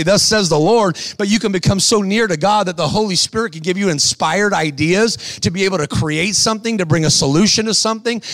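A man's voice: high-pitched, no room sound. A man preaching a sermon, telling stories with acted-out voices and exhorting the crowd. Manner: animated storytelling, acts out quoted voices.

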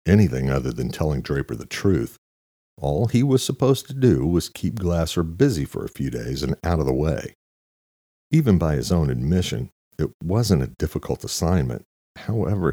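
A man narrating an audiobook thriller chapter in a steady, even storytelling manner. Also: rumbling low, breathy edge, dry recording, studio quality. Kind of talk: scripted narration.

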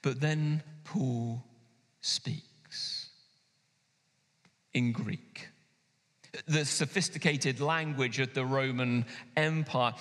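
Guy preaching in a church hall, lively and emphatic, bright voice, big echo. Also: mid-range voice. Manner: animated, emphatic preaching with sudden pauses and slowdowns. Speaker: pastor. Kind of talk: sermon. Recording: long hall reverb.

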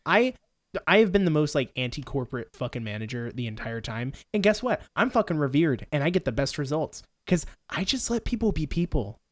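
A woman's voice: sits low, sing-song, fairly quick, no room sound. A woman co-hosting a podcast in casual chat, blunt and swearing freely. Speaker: podcast co-host.

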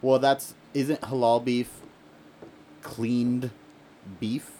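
A man co-hosting a casual podcast, laid-back, with quiet back-and-forth and dry jokes. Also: mid-range voice, level tone, extremely slow, slight background noise. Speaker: podcast co-host. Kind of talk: casual chat.

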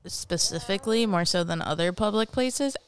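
Very clear-voiced exasperated woman. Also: mid-range voice, normal speed. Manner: chatty, exasperated storytelling. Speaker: podcast host. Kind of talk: casual chat.

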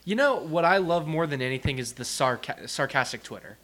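A man's voice: on the high side, lively intonation, a little fast, a bit bright. A young man co-hosting a casual podcast, talking in a rambling, opinionated and offhand way. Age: young adult. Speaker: podcast co-host. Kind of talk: casual chat.

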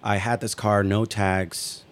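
Podcast co-host, male, lowish voice, loose and profane, rambling storyteller. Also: little pitch movement, slow. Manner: swears freely, rambling anecdotes, acts out quotes. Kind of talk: casual storytelling chat.

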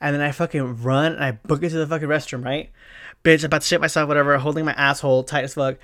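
A young man with a slightly high voice tells a story on his podcast. He rambles, swears constantly and leans on fillers and slang. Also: steady tone, quick pace, fairly bright tone. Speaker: podcast host. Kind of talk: casual storytelling monologue.

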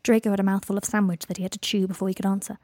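A woman reads a fan fiction story aloud in an expressive narrating voice. Her pitch sits in a middle range for a woman. The recording is close and completely dry. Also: rapid-fire, dry recording. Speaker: reader. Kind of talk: fan fiction audiobook reading.

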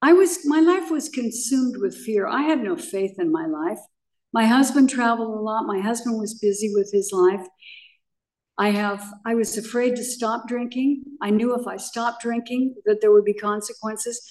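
A woman's voice: on the high side, normal speed, a little mellow, distant mic. An older woman sharing her personal recovery story at a meeting, telling it dramatically with vivid repetition. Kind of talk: personal testimony.

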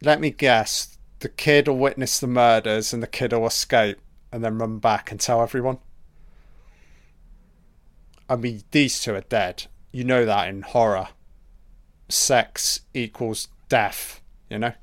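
A man talks through a movie in a crude, sarcastic commentary full of swearing. He speaks unhurriedly, with long gaps between his words. His voice is smooth and clear. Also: medium pitch, fairly even intonation, measured pace, dry recording. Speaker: film commentator. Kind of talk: casual film commentary. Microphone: home mic, audio only.

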